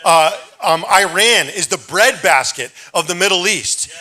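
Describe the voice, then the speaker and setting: A man giving a loud, urgent, rapid-fire campaign speech at a live forum in a church before an audience. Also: high voice. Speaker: governor candidate.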